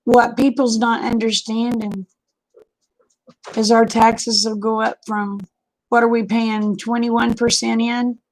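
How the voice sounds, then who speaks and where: Folksy woman vlogger, slow and gravelly, chatty live-stream host. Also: on the high side, flat delivery, poor audio. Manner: chatty and folksy, drawling, greets viewers by name. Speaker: vlogger greeting live chat viewers. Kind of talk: casual live-stream chat.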